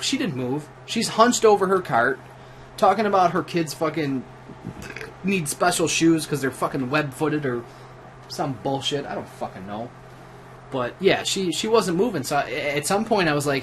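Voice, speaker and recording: A drunk man rambles through a crude story on a home livestream, swearing constantly and restarting his sentences. His voice sits slightly high for a man. A faint hiss runs under the recording. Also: animated, brisk, fairly bright tone. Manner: profane, rambling, with restarts and laughs. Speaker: livestream host. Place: at home while gaming.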